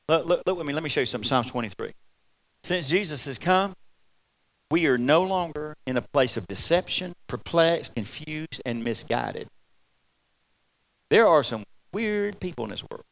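Folksy preacher man, higher voice. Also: lively intonation, normal speed, vocal fry. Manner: folksy, repetitive, swings between loud exclamations and quiet asides. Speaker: pastor. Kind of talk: folksy sermon.

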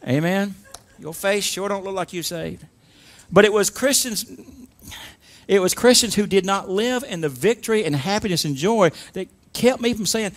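A man's voice: sits high, normal speed. A man preaching a sermon, leading the congregation in call-and-response with emphatic, rising delivery. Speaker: pastor.

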